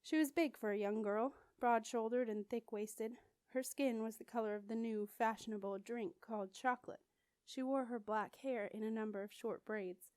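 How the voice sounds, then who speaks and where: Female audiobook reader, measured storytelling, slightly high voice, dry sound. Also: steady tone, darkish tone, clear, resonant tone, no room sound. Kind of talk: audiobook narration.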